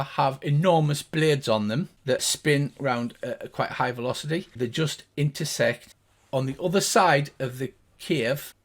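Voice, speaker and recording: An older man narrating as game master of a tabletop game, describing scenes in a relaxed storytelling way. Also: medium pitch.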